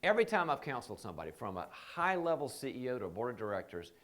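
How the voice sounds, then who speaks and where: A man leading a leadership training seminar, telling animated stories and acting out the people he quotes. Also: medium pitch, very fast. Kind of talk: seminar talk.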